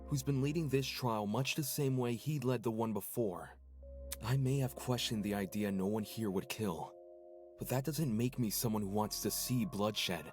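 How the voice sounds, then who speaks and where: Casting: actor as a smooth, composed male suspect, low voice, measured, game score under. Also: a little mellow, faint music behind, natural voice.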